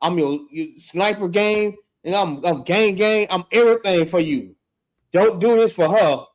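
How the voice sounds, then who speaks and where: A man's voice: high voice, measured pace, voice pushed up. Man playing a panicked official begging his master, slangy, pleading. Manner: pleading, slangy street talk. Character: desperate male royal official begging for life.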